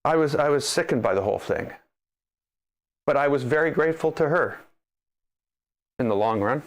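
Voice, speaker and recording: Animated ranting man. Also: a little high, moderate pace. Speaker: maker livestreamer. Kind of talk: casual livestream chat.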